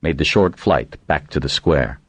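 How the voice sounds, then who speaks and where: Deep-voiced man reading an audiobook. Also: unhurried, breathy edge, no room sound. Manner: reads with lively, varied intonation and raises his pitch for voiced quotes. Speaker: audiobook narrator. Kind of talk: scripted narration.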